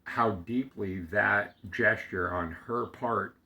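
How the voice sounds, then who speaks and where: A man slowly telling a heartfelt personal story, halting often with fillers and restarts, close to tears at times. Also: on the low side, bright, forceful tone. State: getting emotional. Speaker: storyteller sharing a personal memory. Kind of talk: reflective personal monologue.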